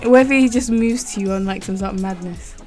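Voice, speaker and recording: A woman's voice: medium pitch, a little fast, darkish tone, faint music behind. A woman in her twenties with a London accent, co-hosting a casual chat and teasing her friend with dry banter. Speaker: podcast co-host.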